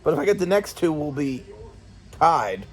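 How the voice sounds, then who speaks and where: A man hosting a casual reaction chat, excitable and profane, often laughing and breaking into shouts. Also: fairly high pitch, moderate pace, faint music behind. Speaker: host of a toy and wrestling channel.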